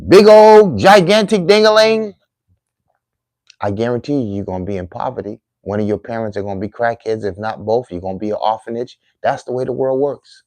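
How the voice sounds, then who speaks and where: A man's voice: lowish voice, fast talker, hardly any pauses, dark tone, no room sound. A middle-aged man giving a heartfelt, emphatic monologue to his viewers, repeating phrases like a sermon. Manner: preachy, emphatic, repetitive phrasing.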